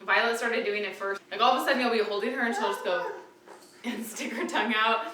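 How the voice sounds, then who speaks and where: Bright, chatty young mom vlogging. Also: female voice, fairly high pitch, fast. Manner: chatty and fond, many "like" fillers. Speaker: vlogger and mother of twins. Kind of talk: casual chat to camera. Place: room in a family home with babies nearby. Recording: roomy home sound from a distance, faint noise.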